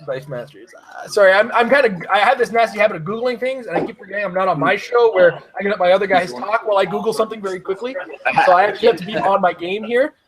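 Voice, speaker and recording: A man hosting a casual chat who rambles excitedly and laughs often. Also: high-pitched, fast talker, a crowd in the background, rough recording. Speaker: podcast host.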